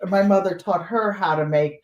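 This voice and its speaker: An older woman, a guest on a casual livestream, tells family stories with energy and slips into high voices for the people in them. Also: moderate pace, lo-fi sound. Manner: animated storyteller, voices the people in her stories. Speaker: guest storyteller. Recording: roomy echo.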